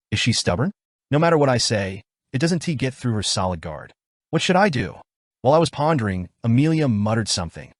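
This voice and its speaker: A man narrating a story recap in the first person, with a brisk, wry storytelling manner. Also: mid-range voice, big pitch swings, no echo, studio quality.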